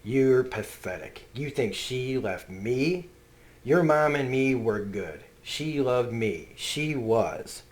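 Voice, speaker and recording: A man's voice: mid-range voice, expressive, slow pace, darkish tone. A man reading out a comic's bitter, cruel father who taunts and berates his son, in a contemptuous tone. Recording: roomy echo.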